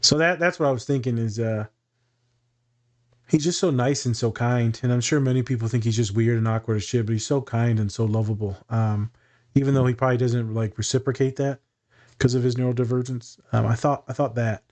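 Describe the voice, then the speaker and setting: A man's voice: mid-range voice, fairly even intonation, a little fast, a little mellow. A man who works as a therapist, co-hosting a podcast in a candid, casual way, swearing freely. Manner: candid and profane, laughs often.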